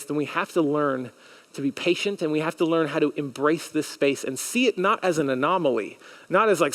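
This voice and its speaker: Guy with a high voice giving a chatty sermon in church, acting out people's worries. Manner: conversational and earnest, acts out inner questions; animated, with audience call-and-response. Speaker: pastor. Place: church sanctuary.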